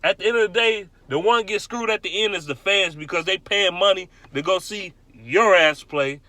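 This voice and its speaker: A man's voice: high-pitched, normal speed, sharp tone, no echo. A young man ranting angrily and bluntly as a sports fan, swearing and repeating himself for emphasis. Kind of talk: heated profane rant.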